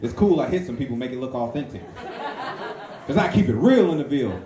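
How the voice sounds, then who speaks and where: A man doing a stand-up set in a comedy club, swaggering and crude, with sudden high-pitched character voices. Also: animated, fast, background noise. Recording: echoey club room.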